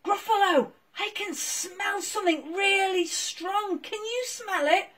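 A woman's voice: very high-pitched, takes it slowly, fairly bright tone, voice pushed up, heavily acted. A woman voicing an eager young male puppy on patrol, bouncy and sing-song. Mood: cheerful.

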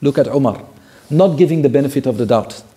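A man's voice: mid-range voice, fast, mellow, breathy edge. A man teaching a weekly Quran commentary class, retelling stories earnestly, repeating key phrases and mixing in Arabic phrases. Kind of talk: storytelling Quran commentary lesson.

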